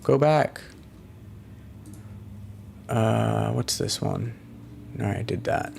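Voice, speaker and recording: A man's voice: fairly low pitch, takes it slowly, vocal fry, a little mellow, a little hiss or hum. A man hosting a casual live-stream chat, rambling through viewer comments with lots of fillers, restarts and swearing. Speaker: podcast host reading viewer comments.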